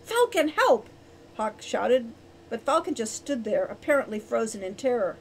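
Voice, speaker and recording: A woman narrating a storybook chapter, acting out each character's lines with lively changes of voice. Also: on the high side, moderate pace, a little hiss or hum, poor audio. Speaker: audiobook reader.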